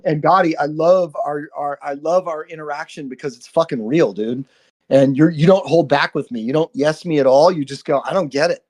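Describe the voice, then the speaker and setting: A man's voice: on the high side, a little mellow. A man hosting a live stream, giving an earnest spiritual monologue full of swearing and frequent "right?" checks. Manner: earnest, profane, repeats "right?".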